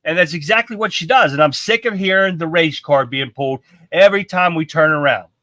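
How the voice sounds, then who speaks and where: A man's voice: fairly high pitch, brisk, bright, forceful tone, no room sound. A middle-aged man hosting a live stream, giving blunt, profane political commentary and reading viewer comments aloud.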